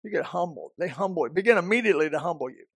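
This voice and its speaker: A man's voice: on the high side, expressive, racing, fairly bright tone, husky, no room sound, clean studio sound. A man preaching a sermon as a pastor, emphatic and repetitive, often restarting his sentences.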